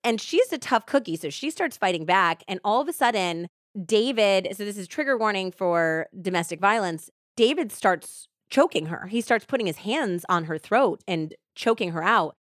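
A woman hosting a podcast chats her way through a true-crime case, frequently saying "like." Her medium-pitched voice has lively intonation and a moderate pace with few pauses, in a dry, studio-quality recording.

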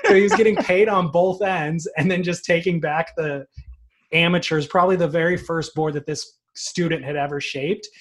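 A man telling a story in a relaxed, wry way during a casual podcast chat. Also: fairly high pitch.

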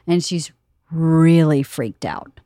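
Podcast host, fifties woman, lively storyteller who laughs a lot; dry close mic. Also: deep voice, slow pace, no room sound. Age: 50s. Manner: animated storyteller, laughs often, quotes others. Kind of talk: casual chat.

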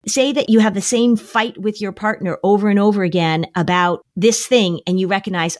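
A woman's voice: medium pitch, normal speed, hardly any pauses, darkish tone, dry recording, studio quality. A woman therapist on a podcast, giving emphatic, coaching advice with lots of repetition. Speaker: anxiety therapist. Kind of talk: podcast conversation.

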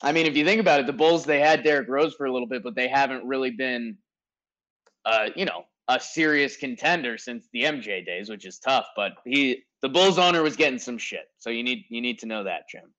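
A man's voice: medium pitch, animated, a little fast, pushed and bright, muffled recording. A man co-hosting a casual podcast over a remote call from home, chatty and rambling. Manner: chatty, rambling, says dude a lot. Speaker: podcast co-host. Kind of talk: casual remote sports chat. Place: home in Denver.

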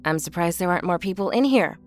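A woman's voice: on the low side, expressive, quick pace, faint music behind, close to an everyday voice. An actress playing a skeptical, blunt young woman in an audio drama, impatient and mocking. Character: skeptical, brash young woman, older sister.

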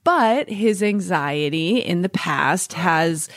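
Teasing woman with a lowish voice. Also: takes it slowly. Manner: laughing, teasing, animated storytelling. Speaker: guest partner. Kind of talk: casual chat.

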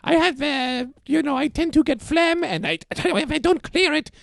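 A man voicing a coughing, phlegmy blonde woman in a high falsetto for an improvised comedy sketch. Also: lively intonation, normal speed, gravelly, a bit bright, no room sound, studio quality, exaggerated voice. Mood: campy.

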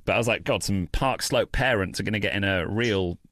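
A British man, a comedian and freestyle rapper, chatting as a podcast guest in a quick, self-deprecating way with many restarts. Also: on the low side, background noise. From Britain. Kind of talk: casual chat.

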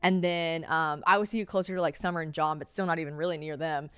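A woman's voice: deep voice, steady tone, quick pace, fairly bright tone, smooth, no echo, studio quality. A young woman hosting a solo podcast, telling a story in a chatty, profane way with lots of filler words and dramatic quoted voices. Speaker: podcast host.

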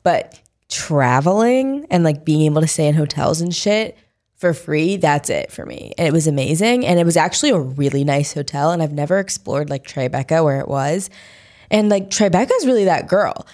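A young woman co-hosting a podcast, chatting casually in slangy, expressive talk and swearing freely. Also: deep voice, moderate pace. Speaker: podcast co-host. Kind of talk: casual chat.

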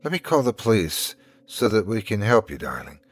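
A man voicing a gentle, lonely middle-aged woman who speaks softly and reassuringly. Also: lowish voice, sing-song, normal speed. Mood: cooing. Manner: soft, cooing, reassuring.

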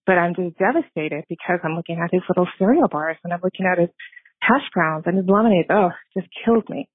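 A woman's voice: fairly low pitch, expressive, quick pace, dry recording. A woman in her fifties, a caller leaving a voice message, tells a personal story in a nervous, earnest way and laughs at herself. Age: 50s. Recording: tinny phone line.

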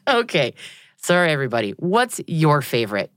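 A woman's voice: low-pitched, sing-song, normal speed, fairly bright tone, no echo, clean studio sound. A woman hosting a news podcast, reading a script with a chatty, joking manner. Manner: chatty, jokey asides. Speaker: podcast host.

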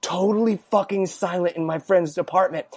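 Loud, animated man ranting for laughs. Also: high-pitched, moderate pace, husky. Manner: animated, loud, profane, acts out voices. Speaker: podcast guest. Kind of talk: comedic rant about politics.

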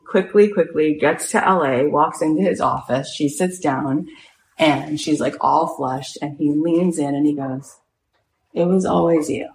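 Low-voiced woman telling a lively story. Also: slight background noise, poor audio. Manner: lively, retells events with acted-out quotes; chatty, many "like" fillers. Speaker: podcast host and coach. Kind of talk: animated storytelling.

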